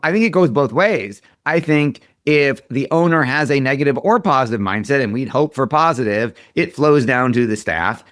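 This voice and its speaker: A man's voice: mid-range voice, animated, normal speed, few pauses, a bit bright, no echo, clean studio sound. A man in his forties, a marketing expert guest, talking casually and acting out quoted dialogue in his stories. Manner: storytelling, acts out quoted dialogue. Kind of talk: casual interview talk.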